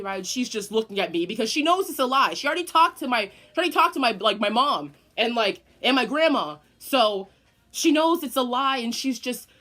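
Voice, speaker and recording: Young woman vlogger, bright voice, super animated, cussing a lot. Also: sits high, normal speed. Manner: animated, profane, dramatic storyteller. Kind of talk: casual storytime vlog.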